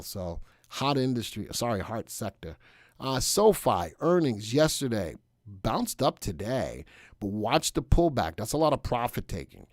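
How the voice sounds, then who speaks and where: A man's voice: mid-range voice, no room sound, clean studio sound. A middle-aged man hosting a live stock analysis stream, talking casually through charts and chatting with viewers. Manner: relaxed, chatty, reads live chat aloud. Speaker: stock market analyst host.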